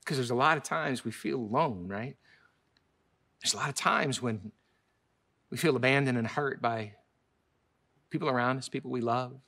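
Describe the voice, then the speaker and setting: A man preaching a sermon as pastor, emphatic, with sudden loud high peaks and soft low asides, repeating words for emphasis. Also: normal speed, long pauses.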